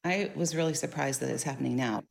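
A woman's voice: extremely low pitch, fast, vocal fry. A woman mayor speaking earnestly in a news interview. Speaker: city mayor.

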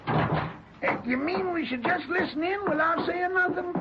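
An actor playing a slow-talking old male Civil War veteran in a 1940s radio drama, with a folksy drawl. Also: very high-pitched. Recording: lo-fi hissy old radio recording.

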